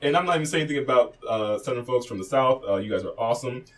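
A man's voice: medium pitch, animated, very fast, far from the mic. A man co-hosting a casual podcast from a studio, rambling and teasing. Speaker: podcast co-host.

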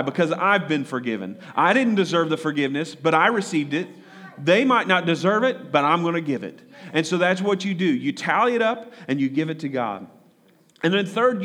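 A man's voice: sits high, fairly bright tone. A man preaching a conversational sermon, often repeating words and asking the congregation questions. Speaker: pastor.

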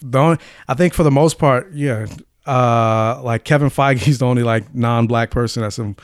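A man co-hosting a casual podcast chat, talkative and quick to laugh, restarting his sentences as he goes. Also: medium pitch, clean tone, dry recording, clean studio sound. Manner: chatty, laughs often, restarts. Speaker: co-host.

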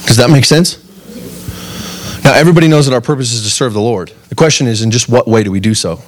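A young adult man, a pastor, preaching a sermon in an earnest, animated way, often asking the congregation questions. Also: mid-range voice, fast.

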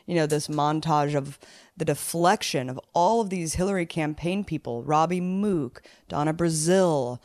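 A host giving animated political commentary in casual chat. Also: female voice, sits low, moderate pace, no room sound. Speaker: show host.

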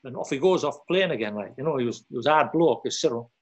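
A man, a former footballer who tells stories haltingly, repeating words and quoting others. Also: mid-range voice, expressive, husky, lo-fi sound. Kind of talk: casual storytelling chat.

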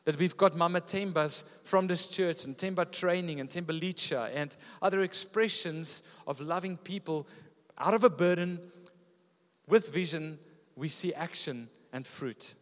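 A man preaching a sermon as pastor, telling stories with lively energy. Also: a little high, unhurried, long reverb tail. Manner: lively storytelling preacher, often laughing. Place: church.

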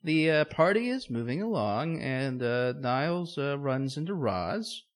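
Brief: mid-pitched male co-host, jokey recap, slips into character bits. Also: very animated, a little slow. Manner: joking, acts out characters. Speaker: podcast co-host. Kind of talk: casual chat recapping a TV episode.

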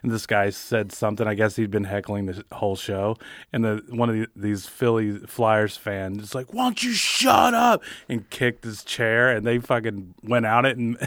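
A man's voice: on the low side, level tone, moderate pace, fairly bright tone, no room sound, clean studio sound. A man co-hosting a casual comedy podcast, rambling through stories and laughing often. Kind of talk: casual chat.

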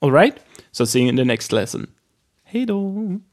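A man's voice: a little high, big pitch swings, moderate pace. A man from Sweden, a native Swedish speaker, teaching a pronunciation lesson with careful enunciation and repeated example words.

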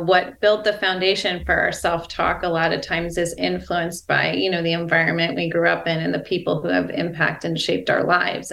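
A woman's voice: lowish voice, creaky, a bit bright. A woman guest in a reflective conversation, talking thoughtfully with many fillers. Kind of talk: casual conversation. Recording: echoey room.

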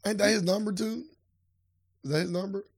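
Co-host, man, gravelly voice, deadpan teasing, dry close mic. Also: sits high, a little fast, no room sound. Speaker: podcast co-host. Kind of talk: casual chat.

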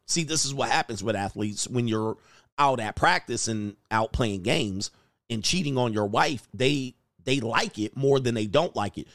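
A man's voice: mid-range voice, fairly bright tone, no echo, clean studio sound. A man hosting a reaction commentary show, talking in a crude, joking, mocking way.

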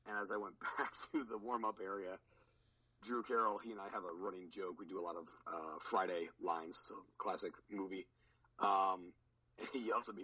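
A man's voice: sits low, fairly even intonation, moderate pace, pushed and bright, husky, muffled recording. A man on a podcast recounting his powerlifting meet in a rambling, casual way, with many restarts. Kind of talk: casual chat.

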